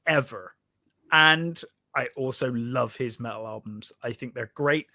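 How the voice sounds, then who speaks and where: A man with a Bristolian accent, a little drunk, chatting as a podcast guest, jokey and quick to laugh. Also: medium pitch, pushed and bright. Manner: jokey, laughs often, repeats himself. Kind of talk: casual podcast chat. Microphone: home podcast microphone.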